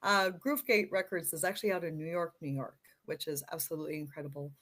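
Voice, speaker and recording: A middle-aged Canadian woman, a model, speaks as a podcast guest in a low voice with a quick pace and fairly bright tone. It's casual chat: she tells stories in a chatty, self-deprecating style and laughs easily.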